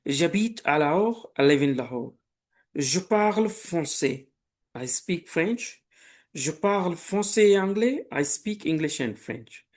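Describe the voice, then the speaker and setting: A man from Pakistan teaching a beginner French lesson, speaking patiently and deliberately, giving French phrases and their English meanings for the listener to repeat. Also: a little high, darkish tone. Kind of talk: slow language lesson with repetition drills.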